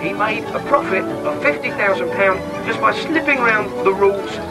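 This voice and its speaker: A man's voice: sits high, lively intonation, normal speed, over loud music, rough recording. A British man doing sardonic stand-up comedy as a mock tour guide. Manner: sardonic, jokey, puts on shouted voices for bits.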